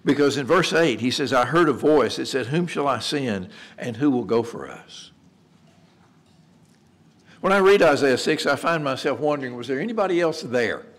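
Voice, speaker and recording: A man's voice: medium pitch, animated, moderate pace. A man preaching a sermon in a conversational way, asking rhetorical questions and repeating words as he restarts. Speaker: pastor.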